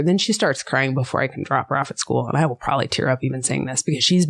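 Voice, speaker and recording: A woman being interviewed on a podcast, telling a personal story with lively energy and acting out the voices of people she quotes. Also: extremely low pitch, quick pace. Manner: animated storyteller who acts out quoted voices. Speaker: guest, school board member.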